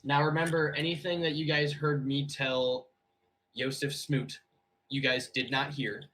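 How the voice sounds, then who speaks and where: Male game master, bright tone, relaxed, faint background hiss. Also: medium pitch, measured pace, poor audio. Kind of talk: running a tabletop game online.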